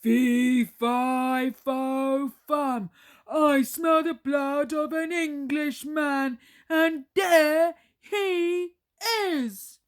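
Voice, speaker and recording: A woman voicing a huge, hungry, menacing male giant who booms his threats in a storybook reading. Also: steady tone, extremely slow, clear, resonant tone. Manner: booming, chanting threats.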